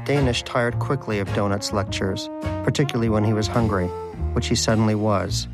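A man's voice: fairly low pitch, fairly even intonation, a little fast, loud music behind the voice. A man narrating an audiobook in a dry, wry storytelling manner.

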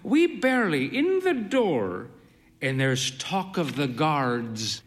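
A man voicing a frail, proud, theatrical old woman with a high, fluttery manner. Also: big pitch swings, slow pace. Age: older. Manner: high, fluttery, grandly dramatic. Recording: long hall reverb.

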